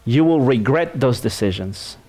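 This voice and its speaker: A male pastor preaching a sermon, telling a story in an animated way with many restarts and repeated words. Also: medium pitch, moderate pace.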